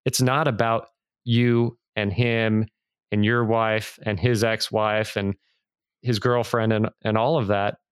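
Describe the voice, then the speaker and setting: A man hosting a podcast interview, responding in an appreciative, measured way. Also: on the low side, flat delivery, clear, resonant tone, dry recording, clean studio sound. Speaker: podcast host. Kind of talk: interview conversation.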